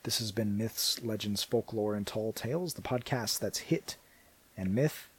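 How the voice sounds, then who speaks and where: A man's voice: on the low side, a little slow, slightly rough, rough recording. A man, a podcast host, reading a fairy tale aloud as a cold reading, with small slips and restarts. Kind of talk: bedtime story reading.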